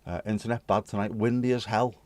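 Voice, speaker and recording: A deep-voiced British man from the United Kingdom rambles to his livestream chat, reading and answering messages with cheeky, sweary jokes. He talks fast in a steady, darkish tone, with no echo.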